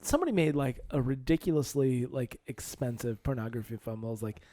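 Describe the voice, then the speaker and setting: A man's voice: medium pitch, fairly quick, warm tone. A man co-hosting a podcast in casual chat. He tells stories and acts out his own reactions. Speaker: podcast co-host.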